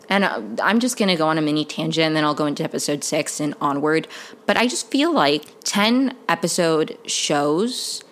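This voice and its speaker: A young woman casually recapping a TV show, chatty and full of filler words and restarts. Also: low-pitched. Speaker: TV recap vlogger.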